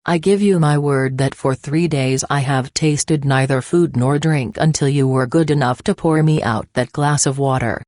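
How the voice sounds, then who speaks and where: A woman reading the part of a weakened but wry male detective, crisp in manner. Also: a bass voice, steady tone, normal speed, few pauses, darkish tone, dry recording, studio quality.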